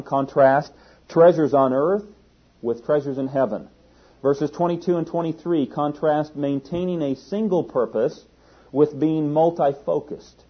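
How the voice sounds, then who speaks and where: A man's voice: a little high, slightly rough. A man preaching a sermon in an earnest, emphatic way, stressing key words and sometimes restarting a phrase. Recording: dull lo-fi sermon recording.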